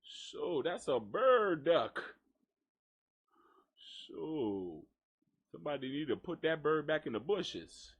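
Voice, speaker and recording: Slow, animated man hosting a gossip show. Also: on the high side, husky. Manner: animated, profane, joking. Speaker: host. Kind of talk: live gossip radio talk.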